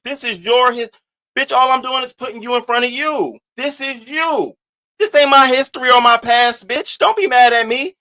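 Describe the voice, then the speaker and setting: A high, bright-voiced man hosts a live stream. He rants at a rival in a taunting, profane roast. His voice is sharp and cutting. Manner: profane, taunting, trash-talking. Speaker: host. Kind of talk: roast-style live rant.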